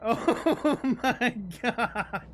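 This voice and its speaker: A woman's voice: a little high, drawn-out words, slight background noise. A woman live-streaming a video game, chatting casually with viewers, swearing and laughing often. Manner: excitable, laughs often, swears, reads chat aloud.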